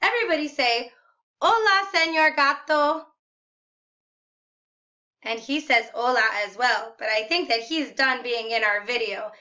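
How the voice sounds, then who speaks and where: Bright, high-voiced woman teaching slowly. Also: expressive. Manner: slow, exaggerated, sing-song modeling of words; encouraging, praises often. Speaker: Spanish teacher. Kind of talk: video lesson, call-and-repeat drills.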